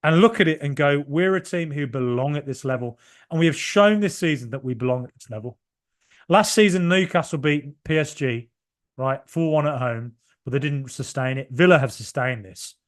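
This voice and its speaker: Excited football podcast host, passionate, rambling. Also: male voice, on the high side, normal speed. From Ireland. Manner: rambling, passionate, swings from shouting to muttering. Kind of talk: excited solo match reaction.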